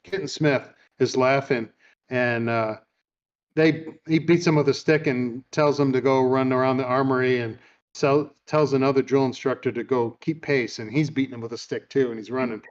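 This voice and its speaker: A man's voice: mid-range voice, fairly even intonation, normal speed, muffled recording. A man hosting a podcast, telling amused stories in a casual chat and retelling a film. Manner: chatty, amused storyteller. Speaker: podcast host.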